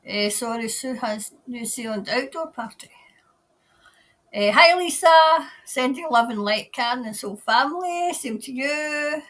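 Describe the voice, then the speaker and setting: A woman's voice: high voice, animated, measured pace, fairly bright tone. A woman with a Scottish accent hosting a casual livestream, reading viewer comments aloud and greeting people by name. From Scotland. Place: New Zealand.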